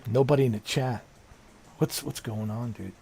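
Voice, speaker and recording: A man's voice: mid-range voice, moderate pace, gravelly, mellow, husky. A man chatting casually on a live game stream, rambling and repeating himself, with casual swearing.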